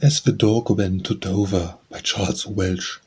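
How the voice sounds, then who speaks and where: A man reading nursery rhymes aloud as an audiobook narrator, announcing each title and author before a measured sing-song recitation. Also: on the low side, fairly even intonation, a little mellow, slightly rough.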